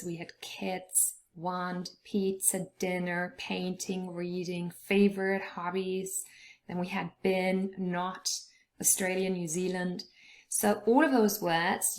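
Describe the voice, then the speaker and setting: Woman, English teacher, slightly low gravelly voice, chatty explainer. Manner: chatty, checks in with "okay?". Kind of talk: explaining word stress.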